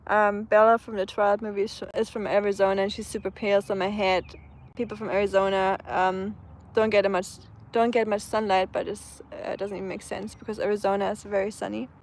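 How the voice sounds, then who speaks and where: A woman's voice: mid-range voice, little pitch movement, brisk, slight background noise. A woman from Germany with a German accent, casually chatting and answering viewers' comments on an outdoor live stream, with many fillers and restarts. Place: outdoors on a sunny day.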